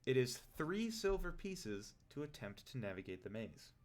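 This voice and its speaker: A young man running a tabletop game, describing scenes in a relaxed, even voice at a middle pitch. He laughs easily and talks casually between the rules. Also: moderate pace. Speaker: game master.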